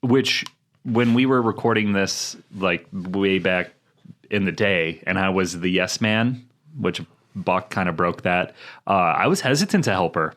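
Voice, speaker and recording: A man with a low voice co-hosts a laid-back gaming podcast. He reads out game notes between jokes and keeps a relaxed pace. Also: unhurried. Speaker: podcast co-host. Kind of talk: casual gaming podcast chat.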